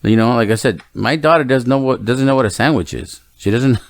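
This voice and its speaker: A man co-hosting a casual podcast chat, telling animated family stories and acting out voices. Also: mid-range voice, brisk, dry recording. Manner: animated storyteller, mimics his daughter and parents. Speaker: podcast co-host.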